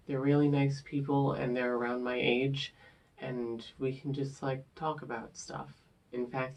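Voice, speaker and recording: A man in his twenties talking earnestly in a casual personal vlog, soft-spoken, with frequent filler words. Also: medium pitch. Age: 20s. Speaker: vlogger.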